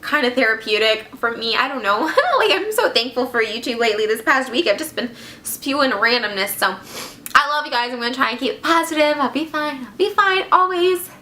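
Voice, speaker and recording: A young woman speaks straight to her camera in a confessional vlog, heartbroken and on the edge of tears. Her voice is fairly high and very bright. She rambles, trailing off and circling back through a stream of fillers. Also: lively intonation, fairly quick. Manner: tearful, rambling, filler-heavy. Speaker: vlogger.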